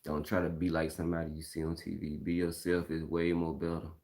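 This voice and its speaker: A man's voice: a bass voice, level tone, brisk, darkish tone. A middle-aged man from Mississippi with a Southern accent, talking bluntly and casually on a live stream, repeating his points in slang.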